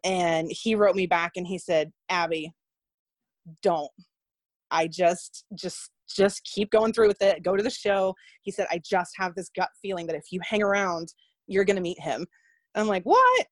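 A woman's voice: fairly low pitch, normal speed, no room sound. A woman who works as a nurse, telling a personal story in casual conversation and acting out the voices of people she quotes. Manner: animated, acts out quoted voices. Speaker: guest.

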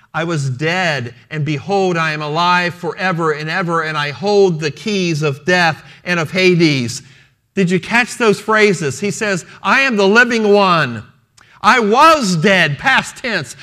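A man's voice: a little high, pushed and bright. A man preaching a sermon, emphatic and repeating key phrases for stress, retelling scripture in the first person as the apostle.

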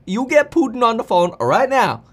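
A man's voice: very high voice, very animated, normal speed, pitched above the performer's own voice, heavily acted. Man doing a whiny, indignant rich donor. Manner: whiny, indignant, put-on accent. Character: angry rich male political donor.

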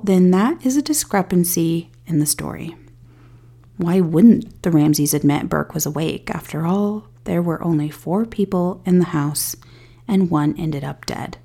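A woman with a fairly low, warm and mellow voice reads a scripted true-crime narration as a podcast host. She keeps a measured pace and drops in candid personal asides along the way. Her delivery stays even and steady throughout. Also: gravelly.

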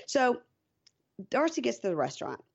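A woman's voice: on the high side, sing-song, moderate pace, vocal fry, breathy edge, lo-fi sound. A woman guest on a podcast, chatting playfully and retelling TV scenes with quoted voices. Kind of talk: casual TV recap chat.

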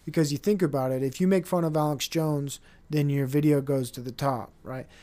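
A man's voice: fairly high pitch, steady tone, brisk, dark tone. A young adult man hosting a casual solo podcast, rambling and swearing, often mocking other people in put-on voices. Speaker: podcast host.

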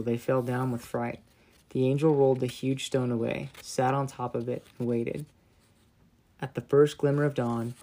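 A medium-pitched man gives a gentle, dramatic narration of a Bible story for children, letting his voice soften at the solemn points.

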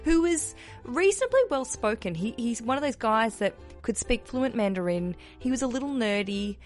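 A woman with an Australian accent hosting a casual interview, chatty and lively in her asides. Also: fairly high pitch, normal speed, faint music behind. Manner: chatty, laughing asides, animated quotes. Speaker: podcast host.

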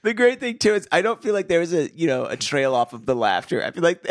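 A man's voice: fairly high pitch, no echo. Podcast guy, laughs a lot, voice jumps all over, dry sound. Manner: animated, laughs often. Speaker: podcast co-host. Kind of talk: casual podcast chat.

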